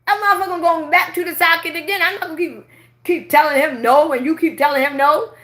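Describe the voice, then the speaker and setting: A woman's voice: very high-pitched, quick pace. A woman telling a long, profane, emphatic story to viewers on a late-night live stream from her phone. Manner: profane, emphatic, animated ranting. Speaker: livestreamer.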